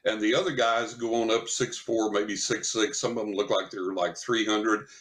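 Low-voiced older man telling a tale. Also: normal speed. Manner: animated anecdotal storytelling, chuckles often, acts out quotes. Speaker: psychic medium guest. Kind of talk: storytelling in casual chat.

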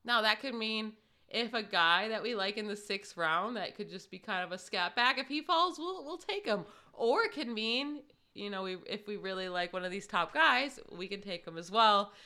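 A woman with a bright, forceful voice chats casually on a sports podcast. She reads out news items and adds her own asides. Her pitch sits in a middle range. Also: moderate pace. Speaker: podcast co-host.

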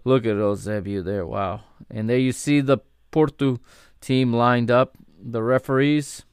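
Smooth-voiced man doing casual commentary. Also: mid-range voice, steady tone, a little slow, dry recording, clean studio sound. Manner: chatty, easygoing, corrects himself mid-sentence. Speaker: podcast host. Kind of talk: casual match watchalong commentary.

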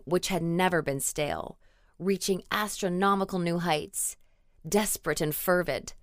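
A woman narrating an adult story in a measured, even storytelling manner. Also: lowish voice, clear, resonant tone, no room sound, studio quality. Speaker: audiobook narrator. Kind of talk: scripted narration.

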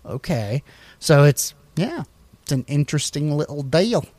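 A man co-hosting a casual chat, reading facts off slides in a relaxed, rambling way with many fillers and restarts. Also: on the high side, unhurried, no room sound. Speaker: podcast co-host.

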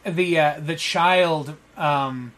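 A man narrating a tabletop game as game master, halting with frequent fillers. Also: fairly high pitch, a bit bright, low-quality recording.

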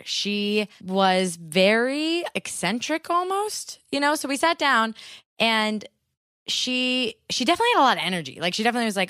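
A woman's voice: medium pitch, expressive, normal speed, fairly bright tone, clean tone, dry recording, clean studio sound. A young woman casually telling a long story, full of fillers like "like". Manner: rambling storyteller, many fillers like "like". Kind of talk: casual chat.

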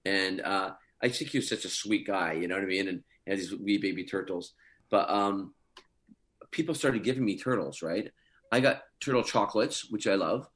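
Middle-aged man telling lively anecdotes. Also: deep voice, moderate pace. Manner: animated storyteller, chuckles often. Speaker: guest actor.

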